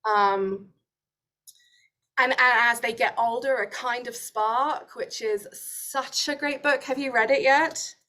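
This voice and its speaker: A British woman in her forties hosts a relaxed online conversation, her voice sitting a little on the high side. She talks in an eager, chatty way, peppering her sentences with little fillers. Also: slow pace. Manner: chatty and enthusiastic, many fillers. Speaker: host. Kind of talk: casual webinar conversation.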